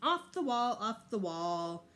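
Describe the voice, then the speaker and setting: A woman's voice: mid-range voice, very animated, unhurried, fairly bright tone. A woman voicing a small mischievous boy in a storybook read-aloud, sing-song and cutesy.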